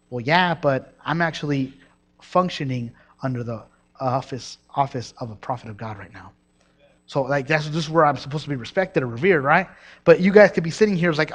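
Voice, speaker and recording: A young man delivers a lively sermon in a slightly raised voice. He tells stories from his childhood in Mexico, stumbles and restarts, and turns to the people in the pews with asides. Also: a little high, moderate pace. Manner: energetic, storytelling, with many restarts and asides to the congregation. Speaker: preacher.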